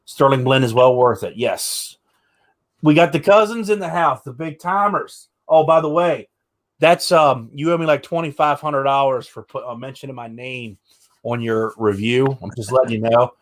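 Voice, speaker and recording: A man's voice: medium pitch, moderate pace. Chatty man hosting a livestream. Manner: chatty, joking, shows products. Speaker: livestream host. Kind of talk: casual livestream chat.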